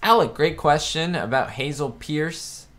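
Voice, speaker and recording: A man hosts a live chat stream through a webcam setup, talking in a chatty, rambling way and often stopping to correct himself. His voice is fairly high and a bit bright, and his pace is measured.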